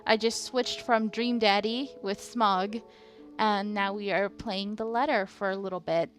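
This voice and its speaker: Young woman game streamer, slow and giggly, talks to chat, easily spooked, faint music behind. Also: mid-range voice, steady tone. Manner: giggly, easily frightened, chats with viewers. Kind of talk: casual live-stream chat.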